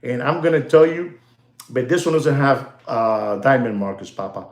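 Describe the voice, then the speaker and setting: A man with a medium-pitched voice at normal speed talks casually to viewers about watches and the gold market. As a watch dealer and market commentator, he rambles, repeats phrases, leans on "you know" and Spanish slang, and jokes and hypes with his "ladies and gentlemen". The recording carries a roomy echo.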